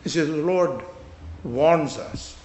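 A man preaching an earnest, urgent sermon, swinging between loud emphasis and quiet drops. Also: on the high side, takes it slowly, echoey room, a little hiss or hum. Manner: earnest, urgent exhortation with scripture quotations.

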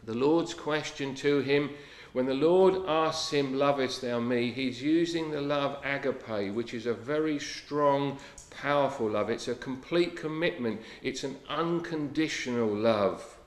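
A man preaching a sermon in an earnest, unhurried way, often dropping to a soft hush. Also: medium pitch. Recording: echoey room.

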